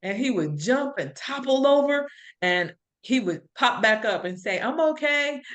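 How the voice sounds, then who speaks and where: A woman's voice: a little high, animated, unhurried, fairly bright tone. A middle-aged woman hosting a podcast, telling stories in an earnest, reflective way in casual conversation. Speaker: podcast host.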